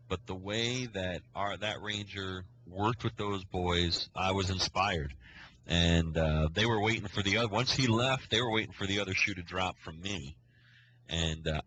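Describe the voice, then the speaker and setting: A man's voice: deep voice, fairly even intonation, moderate pace, pushed and bright, a little hiss or hum, poor audio. A man, a scoutmaster, telling a long story on a casual podcast, acting out the quoted dialogue as he goes. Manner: rambling storyteller who acts out quoted dialogue.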